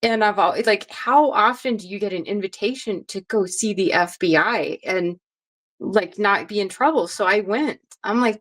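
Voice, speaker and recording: A woman's voice: mid-range voice, measured pace. Chatty woman telling a story. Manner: animated, chatty, quotes others in dialogue. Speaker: guest. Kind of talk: casual storytelling in an interview.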